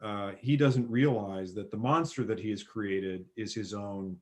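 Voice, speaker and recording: A man in casual chat, retelling movie scenes with animated bursts of excitement. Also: fairly low pitch, a little slow. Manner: animated storyteller, acts out film scenes with sudden loud bursts. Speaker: podcast guest.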